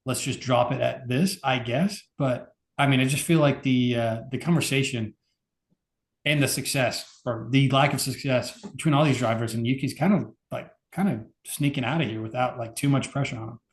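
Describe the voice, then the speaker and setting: A man's voice: medium pitch, moderate pace. Chatty man with a roomy echo. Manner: laid-back, lots of fillers and "like". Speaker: podcast co-host. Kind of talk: casual chat.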